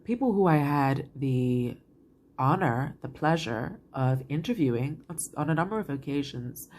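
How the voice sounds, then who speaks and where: Low-voiced woman, rambling. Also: lively intonation, normal speed, a little mellow. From Bermuda. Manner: rambling, reflective, many restarts and "like". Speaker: channel host. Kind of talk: casual storytelling to camera.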